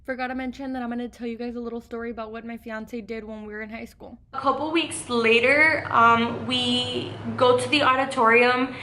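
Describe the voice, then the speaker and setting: A woman's voice: a little high, fairly even intonation, fairly quick, few pauses, a crowd in the background. A young adult woman vlogger telling a casual story, chatty and full of fillers like "like" and "um". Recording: echoey room with faint hiss.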